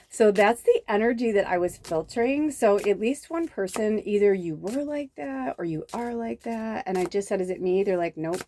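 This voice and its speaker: A woman's voice: medium pitch, lively intonation, moderate pace, mellow, slight background noise. A woman from the south suburbs of Chicago, giving a chatty spiritual card reading that often drifts off and drops into whispers. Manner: chatty, easily distracted, breaks into whispers. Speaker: tarot reader and medium.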